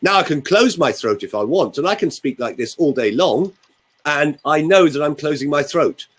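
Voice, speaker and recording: Animated older voice coach. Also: male voice, a little high, normal speed, slightly rough, low-quality recording. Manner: theatrical, explanatory, demonstrates with his own voice. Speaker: voice coach guest. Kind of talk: radio studio voice coaching demonstration.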